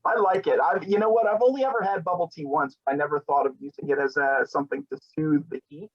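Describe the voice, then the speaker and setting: A man's voice: fairly high pitch, quick pace. A man hosting a spicy food challenge in casual on-camera chat, joking and sometimes talking with his mouth full. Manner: chatty, jokey, talks with his mouth full. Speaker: show host. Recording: dull lo-fi audio.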